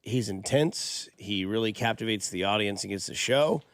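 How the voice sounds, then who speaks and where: A man hosting a sports talk radio show, chatting casually and getting animated as he argues a point. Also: fairly low pitch, normal speed, no room sound, studio quality. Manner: conversational, animated when imitating a yelling dad. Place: radio studio. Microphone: studio microphone.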